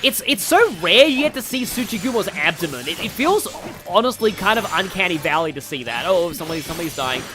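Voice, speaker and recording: A man's voice: high voice, big pitch swings, fairly quick, over music. A man giving casual, rambling, jokey commentary while playing a video game. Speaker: gaming YouTuber. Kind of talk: casual let's-play commentary.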